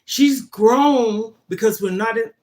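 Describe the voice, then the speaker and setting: A woman's voice: a little high, slow, a little mellow. A middle-aged woman hosting a casual livestream, talking emphatically and often checking in with "okay?". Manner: emphatic, keeps asking "okay?". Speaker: livestream host.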